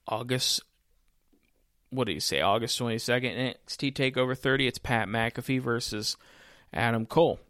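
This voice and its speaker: A man talks through a wrestling broadcast in a relaxed commentary style, chatting straight to his viewers. His voice is smooth and resonant. The sound is dry and close. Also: mid-range voice, normal speed, no echo. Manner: chatty, addresses viewers directly. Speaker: wrestling watch-along commentator. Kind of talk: casual live commentary.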